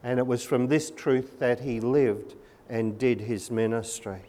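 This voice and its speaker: Man preaching slow and earnest, stressing words, mid voice. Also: medium pitch, steady tone, warm tone. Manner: earnest, measured and emphatic. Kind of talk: sermon.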